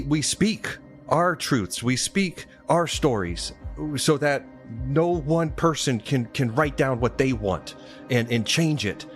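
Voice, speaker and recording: Stammering young lizard guardian, as a man puts him on, nervous, flustered, mid pitch. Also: natural voice. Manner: stammering, flustered, growing agitated.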